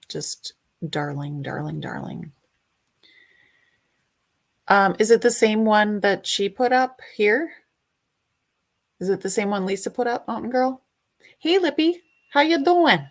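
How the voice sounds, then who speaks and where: A woman hosting a casual livestream, chatting and greeting viewers by name, sometimes singing a snippet. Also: mid-range voice. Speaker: livestream host.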